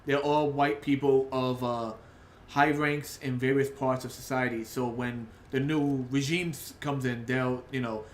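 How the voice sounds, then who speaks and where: A man's voice: mid-range voice, steady tone, a little slow, echoey room, slight background noise. A man chatting casually on a livestream, rambling and filling his talk with "like" and restarts. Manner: rambling, filler-heavy with frequent "like". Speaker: artist streamer.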